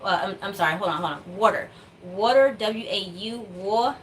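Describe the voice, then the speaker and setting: An American woman who vlogs about customizing dolls chats casually with her viewers in a mid-range, fairly bright voice at a moderate pace. She rambles with lots of fillers and small laughs, and there's slight background noise.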